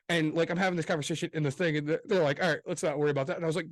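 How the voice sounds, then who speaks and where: A man co-hosting a casual podcast chat, swearing freely and talking with loud emphasis. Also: on the high side, steady tone, rapid-fire, dry recording. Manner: profane, emphatic, gets loud. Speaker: podcast co-host.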